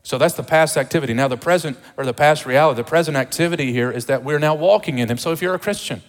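A pastor preaching a sermon with emphasis, repeating rhetorical questions to the congregation. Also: male voice, fairly high pitch, fast talker, in a large hall.

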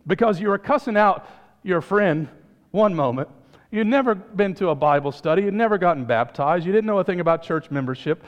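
A male pastor preaching a sermon, animated, rising to emphatic peaks and dropping to hushed lines. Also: a little high, a little fast, in a large hall, highs cut off.

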